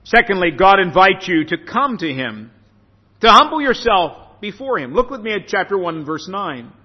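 A man preaching a sermon, slow and earnest, stressing phrases by repeating them. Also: high voice, sing-song, husky. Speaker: pastor. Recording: dull sound with long hall reverb.

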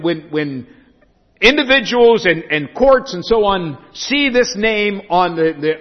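A male pastor preaching a sermon, telling stories dramatically, with big swings from loud to hushed. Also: sits high. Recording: dull echoey hall recording.

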